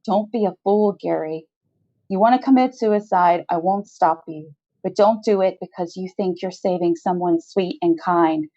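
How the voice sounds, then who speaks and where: A woman's voice: on the low side, normal speed, mellow. A woman voicing a male office worker who pleads urgently and insistently, heard on a slightly dull lo-fi recording.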